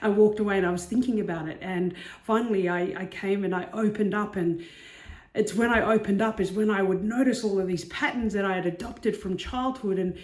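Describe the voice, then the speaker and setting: A woman's voice: mid-range voice, brisk. Chatty woman in an echoey room. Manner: chatty, says okay often. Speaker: self-help vlogger. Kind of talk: casual motivational talk to camera.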